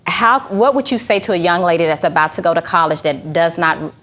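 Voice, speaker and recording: A woman with a somewhat low voice hosts a conversational interview. She is supportive and keeps the guest going with frequent short affirmations. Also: a little fast, fairly bright tone. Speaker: interview host.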